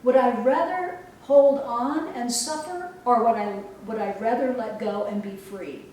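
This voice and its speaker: A woman coach giving a motivational talk and leading a guided exercise with slow, emphatic, soothing instructions. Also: on the high side, warm tone. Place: event hall. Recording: roomy echo from far off, faint noise.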